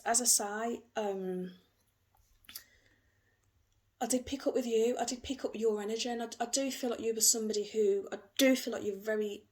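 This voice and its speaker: A woman giving an emotional, gentle tarot reading, repeating herself often. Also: mid-range voice. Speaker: tarot reader.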